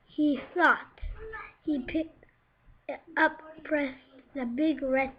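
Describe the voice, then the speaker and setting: A woman reading a children's storybook aloud, slowly and carefully, with small slips along the way. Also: high-pitched, steady tone. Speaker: storybook reader. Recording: dull lo-fi recording.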